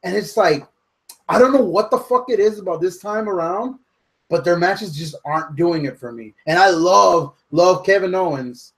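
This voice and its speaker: A man's voice: sits high, normal speed, vocal fry, a bit bright. A man co-hosting a casual wrestling talk show, rambling enthusiastically and swearing. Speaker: podcast co-host.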